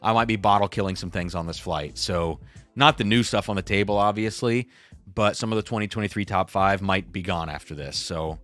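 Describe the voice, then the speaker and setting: A man's voice: sits low, fairly quick, fairly bright tone, no room sound. A young man hosting a casual live stream, chatty and reading viewer comments aloud. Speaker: livestream host.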